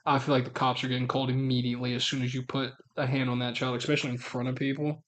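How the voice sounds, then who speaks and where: A man's voice: medium pitch, level tone, racing, a bit bright, slight background noise. A man streaming, chatting casually with a guest in a blunt, joking way and swearing freely.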